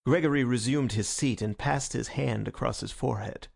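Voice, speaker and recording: A man narrating an audiobook in a measured storytelling manner. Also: medium pitch, gravelly. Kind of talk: scripted narration.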